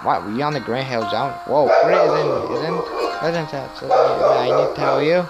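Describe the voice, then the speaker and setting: A man's voice: mid-range voice, normal speed, lo-fi sound. A man giving casual reaction commentary to a cartoon, rambling, giggling often and stumbling over his words. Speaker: video reactor. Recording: loud music from the video underneath. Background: loud cartoon soundtrack music.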